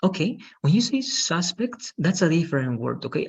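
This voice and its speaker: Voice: mid-range voice, very animated, moderate pace, creaky, hardly any pauses, slight background noise. An English teacher running an online lesson, patiently correcting students' pronunciation. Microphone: video call.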